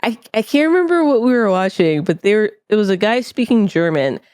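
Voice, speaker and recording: A man co-hosting a podcast in casual chat, telling stories in a halting way and giggling often. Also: high-pitched, sing-song, a little mellow, clean tone, dry recording, clean studio sound. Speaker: podcast co-host.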